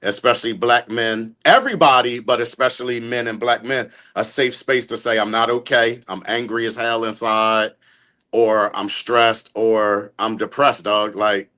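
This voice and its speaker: A man's voice: medium pitch, fairly even intonation, moderate pace, sharp tone. A man with a Philadelphia accent, talking openly and bluntly about his temper in a casual group podcast chat. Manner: blunt, open, reflective. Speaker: podcast guest.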